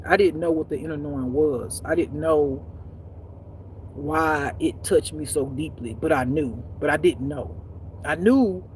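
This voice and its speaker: A woman telling a personal story as a spiritual life teacher, in a blunt, profane, animated way that swings between loud and hushed. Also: low-pitched, a little hiss or hum. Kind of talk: casual storytelling monologue.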